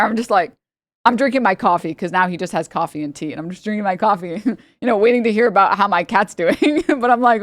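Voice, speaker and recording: A woman's voice: on the low side, no room sound. A young adult woman streamer telling a long story casually, rambling and laughing, acting out the people she quotes. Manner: rambling, animated, laughs often, acts out quotes.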